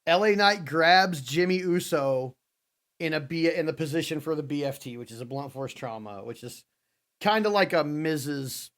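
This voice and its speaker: A man co-hosting a podcast, telling a wrestling recap as an animated storyteller. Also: fairly high pitch, moderate pace. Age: adult father. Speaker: podcast co-host. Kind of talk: casual wrestling recap chat.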